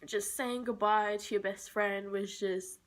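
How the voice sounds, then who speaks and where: A woman's voice: mid-range voice, fairly even intonation, measured pace. A young woman vlogger telling a personal story while crying, her voice breaking into whispers. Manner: tearful, emotional, voice breaking into whispers.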